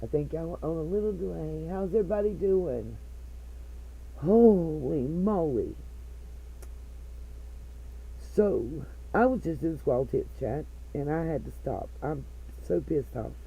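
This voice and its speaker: A woman's voice: sits low, slow pace, gravelly, pauses often, breathy edge, dull audio. A woman hosting her own live stream, ranting angrily and with lots of swearing as she talks straight to her chat. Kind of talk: angry live-stream rant. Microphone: headset mic.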